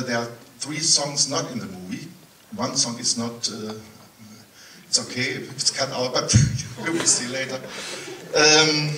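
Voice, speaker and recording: A man's voice: medium pitch, bright, forceful tone, a little hiss or hum. Chatty German man in echoey cinema. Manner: chatty, digressive, joking aside to the audience. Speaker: festival presenter introducing a film. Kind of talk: live introduction before a screening. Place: large cinema auditorium. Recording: roomy hall sound from far off.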